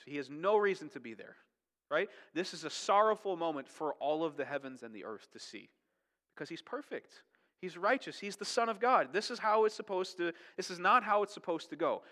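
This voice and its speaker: A man's voice: a little high, pushed and bright, big-room sound. A man preaching a sermon in a chatty, conversational way, often checking in with "right?" and "okay?". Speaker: pastor.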